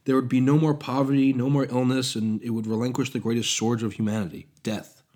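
A man's voice: medium pitch, quick pace, a little mellow, pitched above the performer's own voice, natural voice. A man voicing a passionate, idealistic young male inventor in a story reading, speaking in an impassioned, pleading way.

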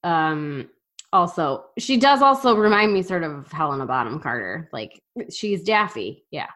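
A woman's voice: deep voice, moderate pace. A woman co-hosting a podcast, chatting casually and playfully, often laughing. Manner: animated, laughing, playful asides. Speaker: podcast co-host. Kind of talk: casual chat.

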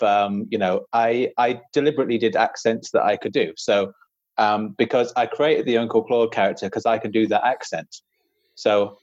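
A man's voice: lowish voice, no room sound, highs cut off. A man, a podcast host and audiobook narrator, chatting casually in a rambling, self-deprecating way with frequent laughs. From Britain.

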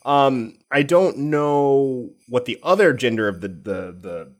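A man's voice: mid-range voice, expressive, slow pace. A man co-hosting a podcast, joking irreverently and sometimes searching for words. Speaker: podcast co-host. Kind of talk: casual chat.

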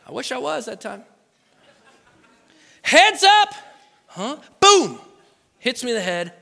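A man's voice: very high-pitched, fairly quick, creaky. A man from Oregon preaching a sermon, telling a personal story with lots of animation and acted-out voices. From Oregon, USA. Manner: animated, acts out voices and sound effects. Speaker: pastor. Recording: long hall reverb.

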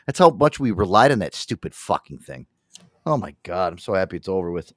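A man hosting a casual podcast, animated and jokey, swearing often. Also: deep voice, a little fast, no echo. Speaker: host.

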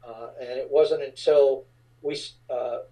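A middle-aged man from the New Orleans area recalls his band's early days in a relaxed, rambling way, full of fillers. His voice is dark and mellow. He sits a little back from the microphone. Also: mid-range voice, takes it slowly, distant mic, rough recording. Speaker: rock band frontman, guest. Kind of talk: casual interview storytelling.

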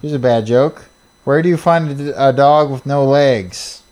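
Crude deadpan podcast man. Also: medium pitch, measured pace. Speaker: podcast co-host. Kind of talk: casual chat.

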